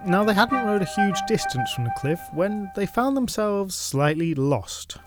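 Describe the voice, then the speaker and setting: A man's voice: high voice, sing-song, unhurried, music in the background. A man narrating a medieval legend in a wry, conversational way, adding his own asides. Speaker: storyteller.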